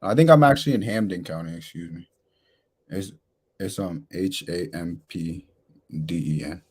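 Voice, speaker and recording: A man's voice: sits low, moderate pace, darkish tone, husky. A man from Massachusetts, a beginner investor, asks for advice in a polite, slightly hesitant way.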